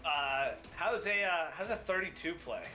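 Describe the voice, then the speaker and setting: A man playing in a live-streamed tabletop game, describing his character's moves with many pauses and fillers. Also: fairly high pitch, sharp tone, faint music behind.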